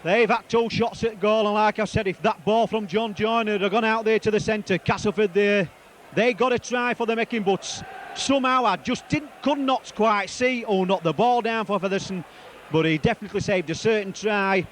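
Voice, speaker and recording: A man giving live rugby league match commentary, excitable and rambling, repeating player names as the play moves. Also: sits high, normal speed, slight background noise.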